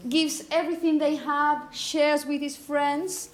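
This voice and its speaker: A woman teaching phonetics to a class, saying example words slowly and often asking "okay?". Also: high voice, flat delivery. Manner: repeats words slowly to model pronunciation; asks "okay?" often to check understanding. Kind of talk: classroom lecture.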